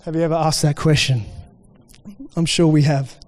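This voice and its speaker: High-voiced preacher in a reverberant hall. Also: male voice, fairly even intonation, normal speed. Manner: conversational preaching with restarts and acted-out quotes. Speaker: pastor. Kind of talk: sermon.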